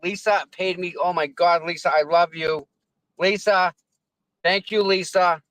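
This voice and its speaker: Rambling live-streamer, male, high-pitched, dry close sound, chatting from his car. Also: steady tone, a little slow, fairly bright tone, dry recording, low-quality recording. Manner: rambling, repeats words, thanks viewers effusively. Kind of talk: casual live-stream chat while driving. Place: car in traffic.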